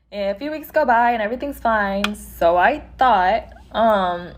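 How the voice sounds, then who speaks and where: Animated woman telling a storytime. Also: mid-range voice, measured pace, few pauses, slight background noise. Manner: animated, acts out quoted dialogue. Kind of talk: casual storytime.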